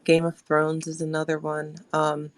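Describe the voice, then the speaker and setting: A woman with a low, fairly even voice hosts a live audio chat discussion. She talks in a measured, steady way, and the sound is dry and close. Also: no echo. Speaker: host.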